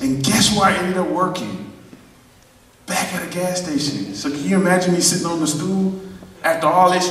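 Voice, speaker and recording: A man in his thirties telling his life story to a live audience at a drum clinic, animated and laughing often. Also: sits high, far from the mic. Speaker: drummer giving a clinic talk. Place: large hall at a drum event. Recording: echoey hall, voice from afar.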